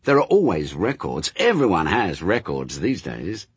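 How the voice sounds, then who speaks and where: A snappish, sarcastic demon, played by a male narrator. His delivery swings widely in pitch, biting and quick to mock, with a husky grain in a dry, close room. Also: very animated, dry recording, exaggerated voice. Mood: sardonic. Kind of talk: audiobook character voice.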